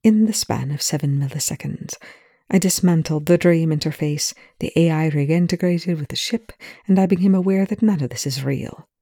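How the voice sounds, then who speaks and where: A reader voicing a dry, sardonic male scientist in a fan fiction reading, with clipped, precise lines often dropped soft. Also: medium pitch, moderate pace, no room sound, natural voice.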